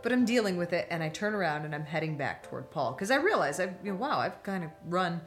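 A middle-aged woman telling a long, animated anecdote on a talk show. She laughs often and acts out the voices of the people in her story. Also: fairly low pitch, fast, soft background music.

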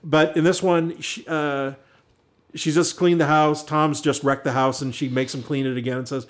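A man's voice: fairly high pitch, steady tone, normal speed. A middle-aged American man in casual chat, telling long stories with many restarts and fillers. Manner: rambling storyteller with many restarts.

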